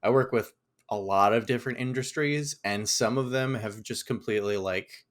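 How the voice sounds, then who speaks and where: A man's voice: medium pitch, normal speed. A man co-hosting a podcast, chatting casually in a laid-back way, often restarting his sentences. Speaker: podcast co-host.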